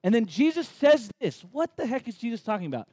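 A male pastor delivers a sermon with playful asides, acting out how the crowd reacts. His voice sits high and swings widely in pitch. The sound is dry and close. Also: brisk, slightly rough, dry recording. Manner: animated, joking asides, acts out crowd reactions.

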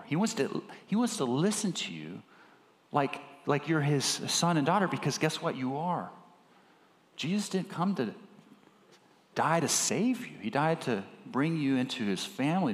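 A middle-aged man delivers a sermon in a relaxed, conversational manner, his pitch moving in lively swings. He restarts phrases and adds fillers as he goes. The voice carries through a roomy church hall with a long, ringing reverb. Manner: gets emotional speaking of his children. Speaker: pastor. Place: church sanctuary.

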